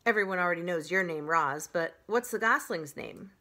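Woman doing a bossy, loud female goose. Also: lowish voice, animated, normal speed.

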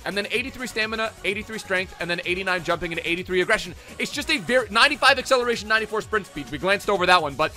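A man's voice: sits high, faint music behind. A man hosting a video game player review, running through stats energetically with frequent fillers. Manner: energetic, rapid stat rundown with fillers. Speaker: gaming YouTuber.

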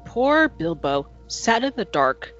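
Animated woman reading a storybook aloud. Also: mid-range voice, slow pace, dull audio, faint music behind. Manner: expressive, animated narration. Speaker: podcast host and reader.

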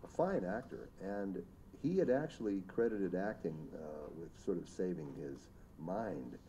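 A man with a very deep voice tells behind-the-scenes stories from a film set in a rambling way. His pitch swings widely as he acts out the people in his anecdotes, and faint noise sits under the recording. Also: lively intonation, a little slow, dark tone. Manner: rambling anecdotes with vivid impressions. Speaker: makeup artist. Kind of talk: recorded commentary interview.

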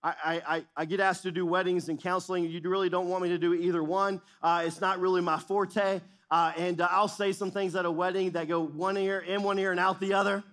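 A man's voice: high voice, little pitch movement, a little fast, hardly any pauses, a bit bright. A middle-aged male pastor preaching a sermon in a church, emphatic and repetitive, asking the audience questions. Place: church auditorium.

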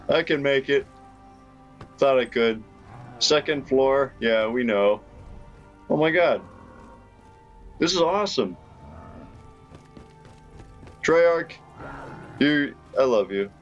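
Slow-talking, excitable young man. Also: fairly high pitch, highs cut off. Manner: excitable, laughing, rambling reactions. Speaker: gaming YouTuber. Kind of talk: casual gameplay commentary. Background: game music.

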